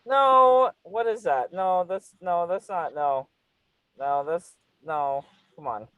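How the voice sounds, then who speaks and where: A man's voice: high-pitched, takes it slowly, a bit bright, smooth, dry recording, low-quality recording. A man hosting a casual, flirty interview, teasing his guest and laughing often. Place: California.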